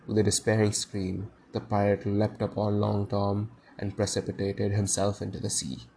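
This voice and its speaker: Man, low voice, storytelling, animated reading, casual asides. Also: moderate pace, gravelly, slightly rough, low-quality recording. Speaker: reader. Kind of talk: reading a classic story aloud.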